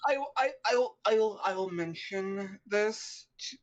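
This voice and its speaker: A man's voice: sits high, lively intonation, a little slow, hardly any pauses, fairly bright tone, muffled recording. A man playing in a tabletop game, often stammering and repeating words as he starts talking. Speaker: player. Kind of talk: casual tabletop play.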